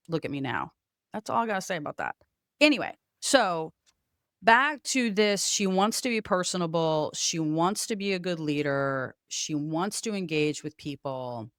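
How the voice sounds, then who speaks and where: A woman's voice: low-pitched, no echo, studio quality. A woman hosting a solo podcast, telling stories and acting out both sides of the conversations. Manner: animated storytelling, acts out both sides of conversations. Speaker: podcast host.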